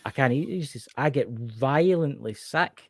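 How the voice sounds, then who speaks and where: A man's voice: mid-range voice, expressive, measured pace, creaky, dry recording. A Scottish man co-hosting a casual chat show, ranting animatedly and swearing freely. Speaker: podcast co-host.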